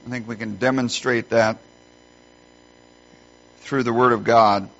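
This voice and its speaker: A middle-aged man preaching a sermon as a pastor, emphatic and animated when telling stories. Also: medium pitch, measured pace, creaky. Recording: dull lo-fi sound.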